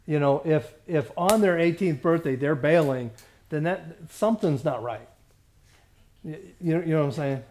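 A man's voice: a little high, normal speed, a little mellow. A man pastor leading a Bible study in a conversational way, often restarting and checking that the group follows him.

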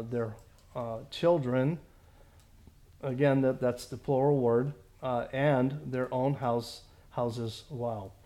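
A man teaching a Bible study as a pastor, halting with many fillers and restarts, stressing points emphatically. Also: medium pitch, warm tone.

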